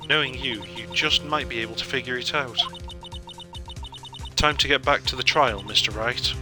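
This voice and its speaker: A man voicing a composed male prosecutor in a measured, formal, polite manner. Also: mid-range voice, over music, pitched below the performer's own voice, close to an everyday voice.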